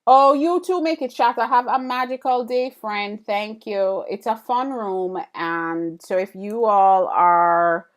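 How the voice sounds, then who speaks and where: A woman's voice: mid-range voice, fairly even intonation, slow pace, hardly any pauses. Woman live-streamer, casual and rambling, thanking her chat between drawing steps. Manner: chatty, thanks viewers, many fillers and restarts.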